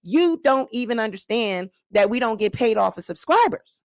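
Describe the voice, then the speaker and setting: A woman YouTuber rants straight to camera in a slightly high, animated voice, at a moderate pace with few pauses and no room sound. Sassy and confrontational, she explains her points to viewers and keeps checking in with "okay?".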